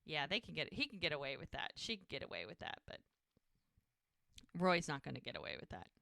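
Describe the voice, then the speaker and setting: A woman's voice: deep voice, very animated, brisk, creaky, pushed and bright, dry recording, clean studio sound. Woman recapping a TV episode casually. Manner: retells scenes, slipping into quoted dialogue. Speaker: podcast co-host.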